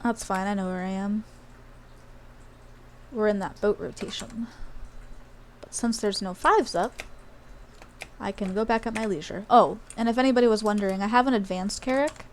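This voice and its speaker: A woman's voice: medium pitch, normal speed, long pauses, a little hiss or hum. A woman from Australia who streams games live, talking in a casual, rambling way with many fillers and asides. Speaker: game streamer. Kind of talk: casual live-stream chat while gaming.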